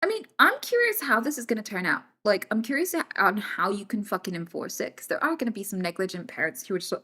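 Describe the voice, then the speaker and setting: A woman's voice: mid-range voice, very animated, a little fast, bright, forceful tone. A British woman streaming live, answering her chat casually and bluntly, swearing freely and moving between jokes and serious points.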